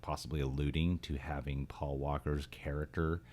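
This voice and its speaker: A man's voice: extremely low pitch, flat delivery, moderate pace, a little mellow. A man hosting a casual movie podcast, talking loosely with restarts and frequent laughter. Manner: laughs often, rambling with restarts. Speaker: podcast host.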